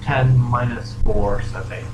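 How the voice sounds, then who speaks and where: A young man narrating as game master for a tabletop role-playing game around a table. He sounds relaxed and chatty and laughs easily. The recording carries a noticeable room echo and steady background noise. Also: medium pitch, unhurried. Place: room at a table with other players.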